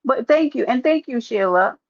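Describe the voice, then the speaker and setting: A woman live streamer, sharing her opinion in casual, animated talk and calling out viewers in chat by name. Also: fairly high pitch, moderate pace, no echo, lo-fi sound.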